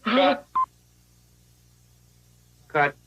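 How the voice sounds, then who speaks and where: A man's voice: extremely slow, dull audio. A man playing a weary male commercial director who calls out short, businesslike orders.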